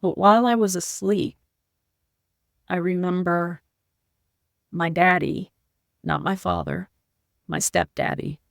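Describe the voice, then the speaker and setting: A woman guest on a podcast, telling her personal story in an earnest, heartfelt way, in slow, halting phrases. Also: lowish voice, steady tone, creaky, no echo, studio quality. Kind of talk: personal story told in an interview.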